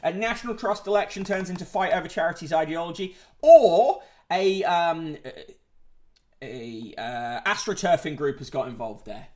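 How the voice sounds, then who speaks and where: A man's voice: fairly high pitch, expressive, normal speed, darkish tone. A man hosting a casual livestream, reading out newspaper headlines and chat comments with sardonic asides, swearing and frequent fillers. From United Kingdom.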